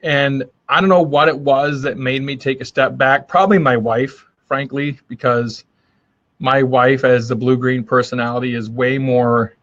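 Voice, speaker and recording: A man's voice: mid-range voice, fairly even intonation, moderate pace, a bit bright, lo-fi sound. Rambling man on a live stream. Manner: friendly, rambling, with many fillers and restarts. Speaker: host of a daily live video. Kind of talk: casual motivational live stream.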